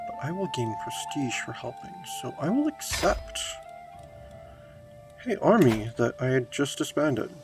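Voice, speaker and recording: A man's voice: medium pitch, sing-song, normal speed, gravelly, loud music behind the voice. A man commenting on a strategy game playthrough, speaking wryly in character as his medieval ruler and reading event text aloud. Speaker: game streamer.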